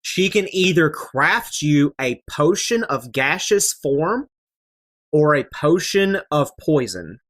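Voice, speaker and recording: Slow low woman game master, lively ups and downs, halting delivery. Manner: halting, with many fillers. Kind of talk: narrating a tabletop game.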